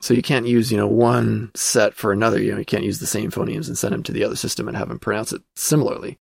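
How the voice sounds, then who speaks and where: Gravelly-voiced man hosting a podcast. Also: on the low side, steady tone, quick pace, dry recording, studio quality. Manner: conversational, thinking aloud with fillers. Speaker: podcast host. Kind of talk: casual podcast reading and commenting on an old magazine.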